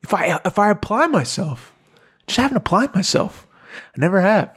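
A man's voice: high-pitched, very animated, normal speed, a bit bright, husky. A young man co-hosting a podcast, talking casually and earnestly with lots of "like" and "bro". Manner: earnest, heartfelt, full of "like" and "bro". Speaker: podcast co-host. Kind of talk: casual chat.

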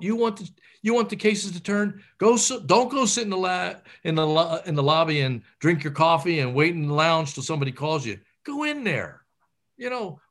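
A man's voice: high voice, a bit bright. A middle-aged man, a surgeon, gives career advice in an interview, talking animatedly with many fillers and restarts.

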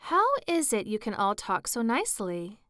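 A woman's voice: mid-range voice, big pitch swings, normal speed, fairly bright tone, clean tone, no room sound, clean studio sound. A woman voicing Alice, a polite, curious young girl, in a storybook reading, speaking in a questioning way.

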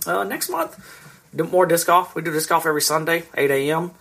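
Swearing freely as he tells meandering stories, this thirtysomething podcast co-host chats casually. His fairly high voice moves briskly and sounds gravelly, a bit bright, and slightly breathy.

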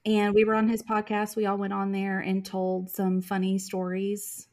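Woman, mid-pitched, chatty and giggly, casual podcast co-host. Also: monotone, moderate pace, darkish tone. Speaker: podcast co-host, youngest sibling. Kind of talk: casual chat.

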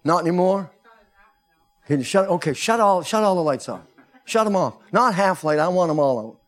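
A man preaching a sermon as pastor of a church, rising to shouts. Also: sits high, animated, normal speed. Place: church sanctuary.

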